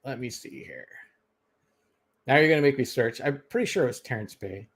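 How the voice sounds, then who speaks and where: A man's voice: mid-range voice, big pitch swings, brisk, slightly rough. A Canadian man with a Canadian accent, telling a long story in casual podcast chat, full of fillers and restarts. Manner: rambling, many fillers and restarts.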